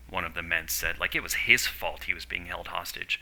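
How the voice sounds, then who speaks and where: Low-voiced man narrating a story. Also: brisk, gravelly, poor audio. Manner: steady, descriptive.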